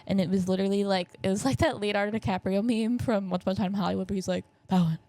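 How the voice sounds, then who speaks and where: A woman's voice: mid-range voice, steady tone, racing, darkish tone, no room sound. A young woman hosting a podcast, telling stories in a rambling, jokey, self-correcting casual chat. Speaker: podcast host.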